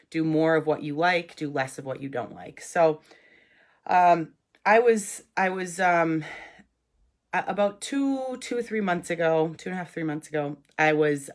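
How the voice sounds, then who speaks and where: A woman with a low voice hosts her own live stream, talking in a casual, reflective way. A cold makes her sound nasal, and she uses many ums and restarts.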